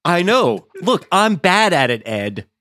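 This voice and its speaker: Man, podcast co-host, quick quips, lively pitch, dry sound, faint music. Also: no echo. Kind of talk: casual podcast chat.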